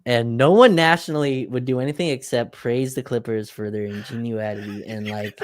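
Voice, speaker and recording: A man's voice: medium pitch, moderate pace. A man co-hosting a casual sports livestream, ranting with exasperation and laughter. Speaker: podcast co-host.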